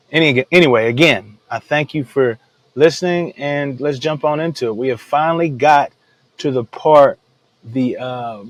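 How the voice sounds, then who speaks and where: A man's voice: medium pitch, poor audio. A man hosting a daily Bible devotional podcast, retelling scripture in casual everyday speech and often calling listeners "man.". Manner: laid-back, says "man" often, retells the story in everyday slang. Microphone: podcast microphone.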